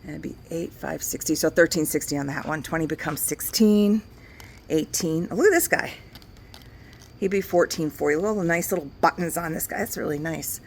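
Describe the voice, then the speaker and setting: A deep-voiced woman, talking fairly quickly, gives a relaxed tour of her large antique shop, describing what's for sale and reasoning out discounts as she goes. The audio carries a little hiss or hum.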